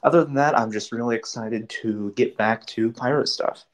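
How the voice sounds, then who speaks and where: A man's voice: mid-range voice, moderate pace, a little hiss or hum. A man chairing an online meeting, talking informally and rambling a little, heard over a video call.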